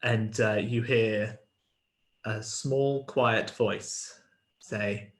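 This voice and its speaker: A man running a tabletop game as game master, describing the scene in a halting way with many fillers and restarts. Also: fairly low pitch, fairly even intonation, reverberant. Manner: hesitant, full of ums and restarts.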